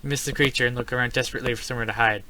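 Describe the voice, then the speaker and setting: Bright-voiced man reading a text game aloud. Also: mid-range voice, steady tone, racing, slight background noise. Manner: reads story text aloud, then breaks into startled exclamations. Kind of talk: casual let's-play narration.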